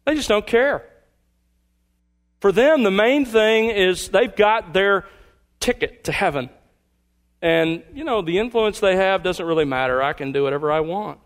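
A man pastor preaching a sermon, teacherly and emphatic, slowing down to stress key phrases. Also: high voice, animated.

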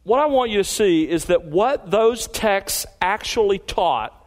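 A man's voice: high voice, expressive, a little slow, big-room sound. A man preaching an expository sermon, reading scripture aloud and pressing key points with emphatic rises. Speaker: pastor.

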